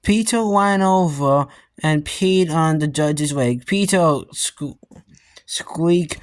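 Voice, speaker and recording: Slow, halting storybook reader. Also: mid-range voice. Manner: stumbling, halting reading with restarts. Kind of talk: reading a children's book aloud.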